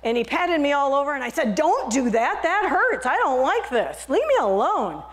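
A whiny little clay teacup cries out in high, pleading protests, as a woman pastor puts it on. It sounds fearful and indignant, a storybook object come to life inside a sermon. The voice rides above her usual tone. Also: fast talker.

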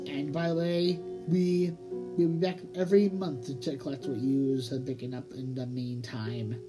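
A woman reading the part of a big male rat gang leader who speaks quietly and menacingly, with music playing behind. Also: very deep voice, fairly even intonation, moderate pace, poor audio. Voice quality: snarling, hissing. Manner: quiet and threatening.

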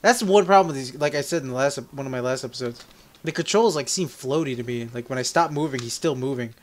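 A young man giving casual, profane gameplay commentary, joking and laughing as he plays. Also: fast. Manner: jokey and profane, laughing often, yelping in high squeaks when startled. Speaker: let's play gamer.

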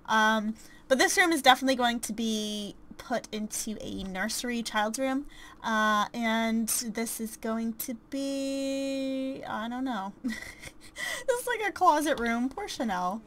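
A woman with a fairly high, fairly bright voice gives casual let's-play commentary on a life-sim game at a measured pace. She's chatty and self-deprecating, full of ums, fillers, and small giggles, and there's a little hiss or hum in the audio.

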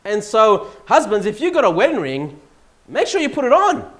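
A man's voice: high voice, huge pitch swings, moderate pace. A middle-aged Australian man preaching a sermon in a church, conversational with rising emphatic peaks. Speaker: pastor.

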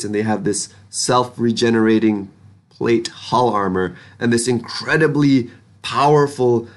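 A young adult man giving a casual, enthusiastic book review, talking in a loose, slangy way. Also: mid-range voice.

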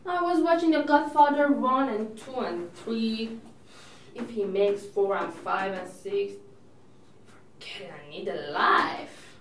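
A woman's voice: on the high side, takes it slowly, a little hiss or hum. Woman playing a neurotic, doting older sister. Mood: fretful. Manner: rambling, self-absorbed and fretful. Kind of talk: audition monologue. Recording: echoey room, mic from a distance.

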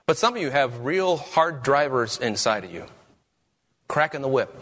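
A man's voice: mid-range voice, expressive, fairly quick, fairly bright tone. A man preaching a sermon as pastor, with emphatic, rising questions.

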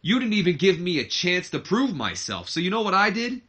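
Brash young heir cutting a taunting promo, put on by a male gamer; bright, raised voice. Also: high-pitched, very animated, fairly quick, husky, voice pushed up, exaggerated voice. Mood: smug taunting. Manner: smug, taunting wrestling promo delivery. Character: brash young man, heir to a wrestling company, taunting his father.

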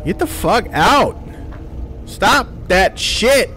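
Man, gaming streamer, profane trash-talk, slow drawling delivery, faint game music behind. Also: sits high, expressive. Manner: loud, profane, trash-talking reactions. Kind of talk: horror game commentary.

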